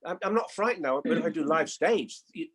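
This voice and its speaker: Husky older man telling lively stories. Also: a little high, fairly quick. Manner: animated storyteller, acts out voices in his anecdotes. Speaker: guest actor. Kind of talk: anecdotal chat.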